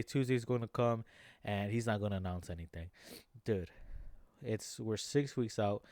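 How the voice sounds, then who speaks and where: Young man, low dark voice, frustrated slangy rant, dry close sound. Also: no room sound. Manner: frustrated ranting, slangy, says "bro" constantly. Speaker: MMA vlogger. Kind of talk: casual reaction commentary.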